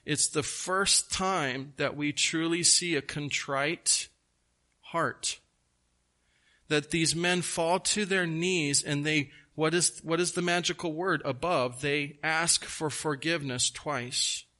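A pastor preaching a sermon, slowing down to stress key words, with folksy asides. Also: male voice, a little high, fairly even intonation, sharp tone.

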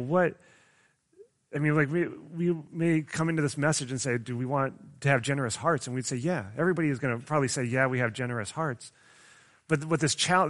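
A man's voice: a little high, a bit bright. Conversational young male preacher. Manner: conversational, often asks the audience questions; restarts and stumbles often, says "like" a lot. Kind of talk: sermon.

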